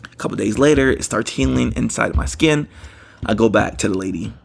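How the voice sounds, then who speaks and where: Male podcast host, low and gravelly, rambling casual storyteller who laughs at himself. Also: brisk. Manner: rambling, repeats "you know what I mean", laughs at himself.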